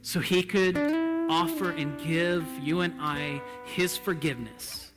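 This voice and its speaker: A male pastor preaching a sermon in a church, impassioned and swinging between hushed and loud delivery. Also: on the high side, fairly even intonation, slow, long reverb tail, over loud music.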